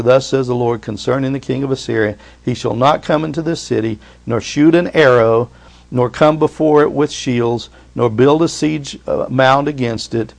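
A man's voice: mid-range voice, gravelly. A middle-aged man preaches with emphatic, rising delivery, reading scripture aloud as a pastor. He keeps turning to the congregation with short questions as he goes. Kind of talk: sermon.

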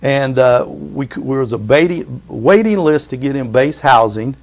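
A man's voice: mid-range voice, lively intonation, normal speed. A middle-aged man preaching a sermon as pastor, reading scripture aloud with force and asking his congregation for responses.

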